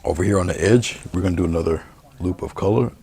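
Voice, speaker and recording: A man giving a painting demonstration, talking through each brushstroke in a relaxed, murmured way. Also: low voice, fast, breathy edge. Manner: relaxed, murmured step-by-step commentary while painting. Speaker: painting instructor.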